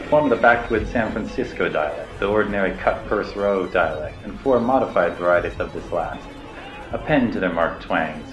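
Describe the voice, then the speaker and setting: A man reads a mock-formal narration in a pompous, scholarly tone. His voice is very low. It echoes in a roomy space, with music playing.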